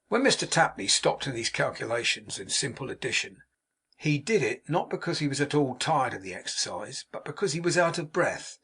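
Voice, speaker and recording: Husky man reading a classic novel. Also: medium pitch, sing-song, fairly quick, a bit bright. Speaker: audiobook reader. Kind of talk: audiobook narration.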